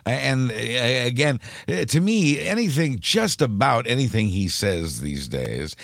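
A man's voice: mid-range voice, sing-song, a little slow, creaky, a bit bright, no echo. A man appearing as a guest on a political talk podcast, making dry, wry remarks. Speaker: radio news guest.

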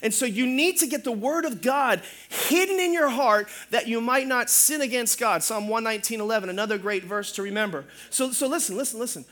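High bright-voiced guy pastor, funny and lively sermon, asks for amens. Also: brisk, hardly any pauses. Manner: animated, humorous, calls for amens.

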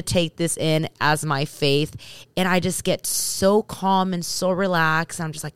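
A woman with a low voice tells a personal story in a casual storytime. She talks straight to her audience in an animated way. The sound is dry and close, with no room echo. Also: fairly quick, clean tone. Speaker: vlogger telling a story to her husband and viewers.

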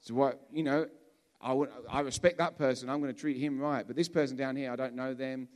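A man from England preaching a sermon in a relaxed, conversational way, often restarting and repeating words as he talks. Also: medium pitch, fairly quick.

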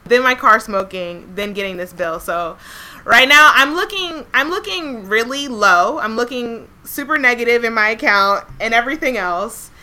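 A young woman co-hosting a podcast, telling a story in a casual, animated way with a lot of swearing. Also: fairly high pitch, normal speed. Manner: animated, profane, laughs often. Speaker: podcast co-host.

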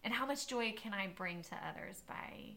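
A woman interview guest talking about running, telling stories in an animated way and often laughing. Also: medium pitch, normal speed. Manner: animated storyteller, laughs often, many restarts. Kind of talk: casual interview conversation.

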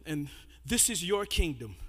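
A man preaching and praying in church, shouting and half-singing his phrases, often stammering and repeating words. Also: on the high side, sing-song, a little slow, breathy edge. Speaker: pastor. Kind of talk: fiery sermon and prayer.

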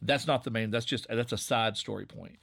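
Gravelly Appalachian man, relaxed and rambling. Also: on the low side, a little fast. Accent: Southwest Virginia Appalachian. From Southwest Virginia, USA. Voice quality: slightly nasal. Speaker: podcast creator and narrator. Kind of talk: casual conversation.

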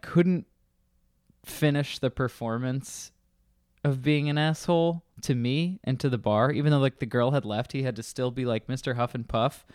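A man casually telling a bar story, swearing and acting out angry customers in loud voices. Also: medium pitch, dry recording, clean studio sound.

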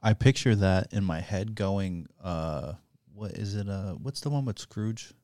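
A young man co-hosts a podcast, speaking in a reflective, earnest way and swearing casually during the candid chat. His voice is deep, unhurried and a little mellow. The recording is dry and clean, with studio sound.

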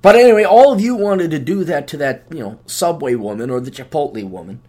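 Rambling, profane man with a lively voice. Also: a little high, fairly quick. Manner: rambling, profane, self-mocking. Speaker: podcast host. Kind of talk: casual solo monologue.

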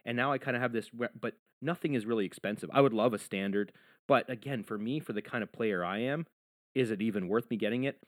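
A man's voice: medium pitch, fast talker, no room sound. A man guesting on a podcast as a musician, chatting in an easygoing way and often adding "you know". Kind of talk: casual chat.

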